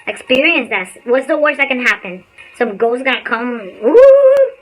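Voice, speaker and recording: A woman giving a casual motivational talk on a livestream, an animated storyteller who speaks bluntly and swears casually. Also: a little high, moderate pace, dull audio, soft background music. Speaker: spiritual insights channel host.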